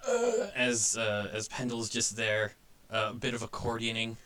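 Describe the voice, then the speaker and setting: A man narrating a tabletop game as game master, halting with frequent fillers and restarts. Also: medium pitch, big pitch swings, bright, forceful tone.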